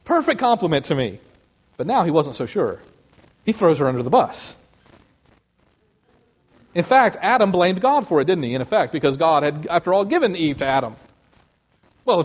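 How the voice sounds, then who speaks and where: A man preaching a sermon, animated, acting out the voices of biblical figures as he goes. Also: high-pitched, fairly quick. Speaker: pastor.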